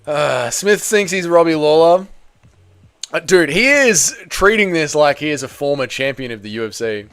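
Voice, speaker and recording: A man's voice: a little high, lively intonation, normal speed, fairly bright tone, clean tone. A young man hosting a live fight watch-along, chatting casually and joking while answering the chat. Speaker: host.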